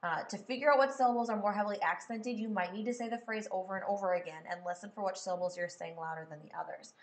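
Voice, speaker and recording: A woman's voice: mid-range voice, quick pace. A woman music teacher giving a patient step-by-step lesson, saying words aloud to test which syllable is stressed. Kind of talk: step-by-step classroom tutorial. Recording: echoey room.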